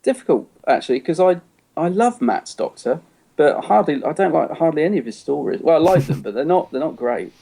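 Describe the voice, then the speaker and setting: A man's voice: on the high side, expressive, a little fast, creaky, dark tone. A man co-hosting a podcast in casual chat, rambling a little and laughing often. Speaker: podcast co-host.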